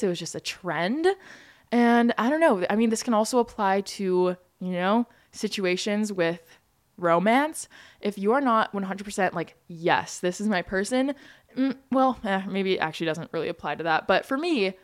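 A young woman in her early twenties talks through her podcast in a loose, casual way. She leans on "like" and "you know" as she goes. Her voice sits at an ordinary middle pitch for a woman. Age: young adult, 22. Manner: chatty, many fillers like "like" and "you know". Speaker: podcast host. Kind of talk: casual solo podcast chat.

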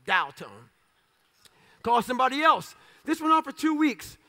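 A man's voice: very high-pitched, big pitch swings, a little slow, sharp tone. A man giving a motivational speech, telling his story in blunt, clipped phrases with profanity and self-mocking humor. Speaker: motivational speaker.

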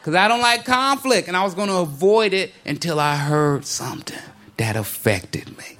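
Animated male stand-up comic. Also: high voice, moderate pace. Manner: animated, conversational storytelling with acted-out voices. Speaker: stand-up comedian. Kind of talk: stand-up comedy set.

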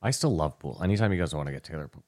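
Very deep-voiced man telling stories. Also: expressive, rapid-fire, a little mellow, no echo, clean studio sound. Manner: storytelling, ribbing the others. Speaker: podcast co-host. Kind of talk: casual chat.

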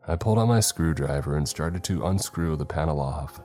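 Man, horror story narration, very deep voice, faint background music, tense. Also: fairly quick, mellow. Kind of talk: scripted first-person horror narration.

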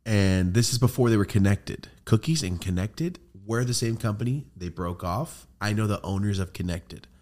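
Low-voiced, laid-back male podcast host. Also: moderate pace, few pauses. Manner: rambling, profane, animated when telling a story. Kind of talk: casual storytelling chat.

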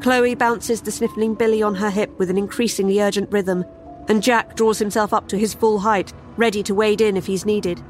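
A woman's voice: mid-range voice, fairly even intonation, normal speed, darkish tone, faint music behind. A woman narrating a first-person horror story in a wry, sardonic way.

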